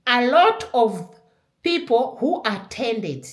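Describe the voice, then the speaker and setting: Earnest woman, slow and animated. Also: on the high side. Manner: earnest, questioning. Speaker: commentator. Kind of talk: motivational commentary.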